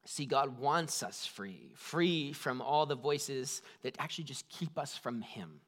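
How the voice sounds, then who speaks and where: A man's voice: mid-range voice, normal speed, a bit bright. A man preaching a conversational sermon, full of "like" fillers and shifting emphasis. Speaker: pastor.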